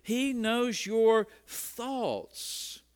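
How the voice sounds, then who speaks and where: A man's voice: extremely high pitch, animated, very slow, clear, resonant tone. A middle-aged man preaching a sermon in a conversational way, often repeating words as he starts a phrase. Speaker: pastor.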